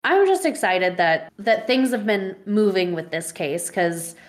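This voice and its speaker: A woman in casual conversation with a medium-pitched, everyday voice. She talks loosely and easily, using lots of "like.". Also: sing-song, measured pace. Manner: chatty, uses lots of "like". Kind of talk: casual chat.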